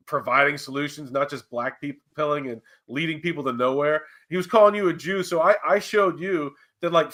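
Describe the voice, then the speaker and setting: An eager male podcast co-host in casual talk, with a very bright, forceful tone. He speaks slightly high and tells his stories quickly.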